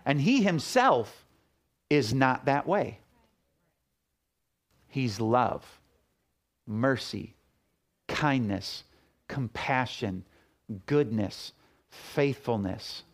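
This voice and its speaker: A man's voice: mid-range voice, big pitch swings, very slow, long pauses. A middle-aged man preaching a sermon as a pastor, talking casually and telling stories with acted-out quotes. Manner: conversational, storytelling with acted quotes.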